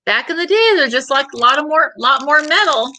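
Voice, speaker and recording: Bright chatty woman hosting a live sale. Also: sits high, lively intonation, a little fast, a little hiss or hum, low-quality recording. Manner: chatty, rambling, answers viewer comments, laughs often. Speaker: online vintage seller hosting a live sale. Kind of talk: casual live-sale chat.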